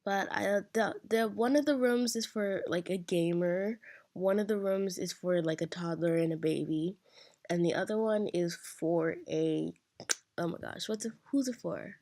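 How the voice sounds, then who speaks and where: A teenage girl hosting a casual build commentary, her voice hoarse from just waking up, rambling along in a chatty, self-deprecating way. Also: lowish voice, normal speed, a little mellow. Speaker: Sims builder channel host.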